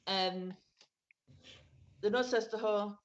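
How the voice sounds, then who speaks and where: A woman's voice: medium pitch, steady tone, slow pace, lo-fi sound. A woman narrating a tabletop game as game master, casual and rambling with many fillers.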